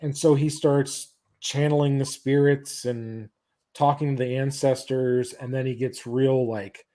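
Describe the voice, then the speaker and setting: A man hosting a podcast, retelling a story in casual chat, halting and restarting as he goes. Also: medium pitch, fairly even intonation, mellow. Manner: halting retelling of a comic's plot. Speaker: podcast host.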